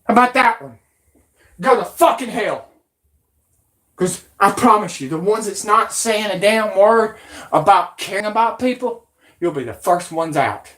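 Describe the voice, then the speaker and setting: A woman rants at her channel's viewers, profane and threatening throughout. She drags her words out slowly, at a mid pitch. Her voice rings in a roomy, echoing space. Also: lively intonation, a bit bright. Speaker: channel host. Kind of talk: angry rant. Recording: roomy echo.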